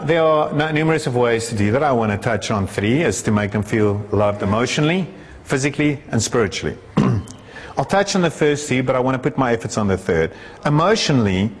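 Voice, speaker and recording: A man's voice: medium pitch, a little hiss or hum. A man preaching a sermon, building to fervent emphasis through rhetorical questions. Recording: long hall reverb.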